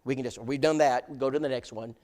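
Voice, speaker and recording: A man giving a church seminar talk, an animated storyteller who acts out the people he quotes. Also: mid-range voice, fast. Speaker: seminar speaker.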